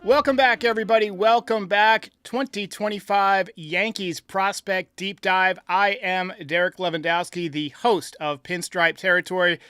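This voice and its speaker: Bright, high-voiced male podcast host. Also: fairly even intonation, moderate pace, few pauses, smooth, faint music behind. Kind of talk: casual sports podcast talk.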